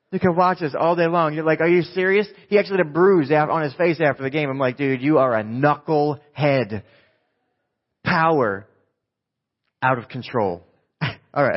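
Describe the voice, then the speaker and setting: A married man preaching a conversational sermon to a live congregation, lively and jokey, often quizzing the audience with quick questions. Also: on the high side. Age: adult, married with a wife. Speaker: pastor. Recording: dull lo-fi sound.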